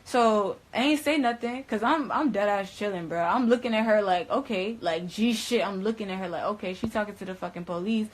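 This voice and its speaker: A woman's voice: medium pitch, a little fast, few pauses. A young adult woman casually recounting a story in slangy, profane, rambling speech full of fillers.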